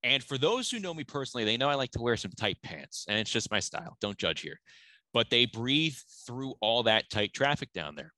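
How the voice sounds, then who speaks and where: A male podcast host delivers a sponsor read with a cheeky, joking tone. His voice is bright and forceful. The sound is dry and close, with no room. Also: mid-range voice, big pitch swings, brisk, dry recording, low-quality recording.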